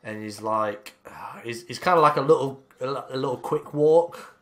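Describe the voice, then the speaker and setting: A man's voice: mid-range voice, moderate pace. A man running a tabletop game as dungeon master, narrating casually and hesitantly, with lots of fillers.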